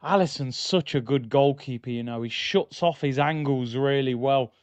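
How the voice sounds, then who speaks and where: A man's voice: mid-range voice, moderate pace, no room sound, dull audio. A young man, casually reacting to a football match live for his stream and reading out chat messages. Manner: casual, reacts loudly to chances, reads out chat. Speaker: watchalong streamer. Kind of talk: live football watchalong commentary. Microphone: streaming mic.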